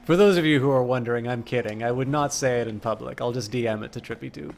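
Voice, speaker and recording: Man, live game streamer, gravelly voice, chatty, loud frustrated outbursts. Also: mid-range voice, fast talker, a little hiss or hum. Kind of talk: live gameplay commentary.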